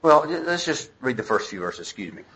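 A man's voice: mid-range voice, big pitch swings, fairly quick, bright, forceful tone, a little hiss or hum, poor audio. A man preaching a sermon, reading scripture and paraphrasing it in conversational, acted-out dialogue. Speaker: pastor.

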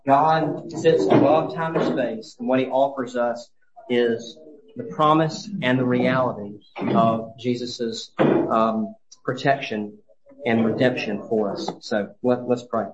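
A man's voice: medium pitch, fairly even intonation, takes it slowly, heavy background noise. Guy preaching a sermon, earnest, lots of restarts then big emphatic bits, echoey dull church sound. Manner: earnest, with frequent restarts, rising to emphatic peaks. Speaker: pastor.

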